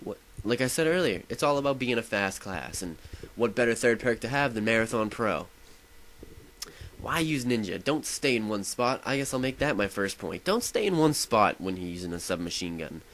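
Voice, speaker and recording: A man's voice: on the low side, expressive, moderate pace, a bit bright, rough recording. A young man giving casual, rambling commentary over his own gameplay, often breaking off and restarting his sentences with enthusiasm. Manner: rambling, self-interrupting, enthusiastic. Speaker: gaming video host.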